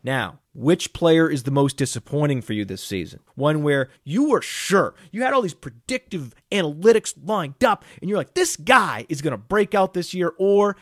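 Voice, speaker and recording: Guy hosting a football stats show, kinda high voice, super animated, dry close mic. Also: moderate pace, hardly any pauses, no echo. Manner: animated, swings pitch widely for emphasis, laughs easily. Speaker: podcast host. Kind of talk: fantasy football analysis talk.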